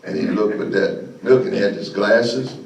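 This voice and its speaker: Older man, guest speaker, folksy animated storyteller, lowish voice, mic far off in a reverberant hall. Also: moderate pace, a little hiss or hum. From Florida, USA. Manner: folksy, animated, laughs often. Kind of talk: storytelling speech. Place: meeting hall. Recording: echoey room, voice from afar.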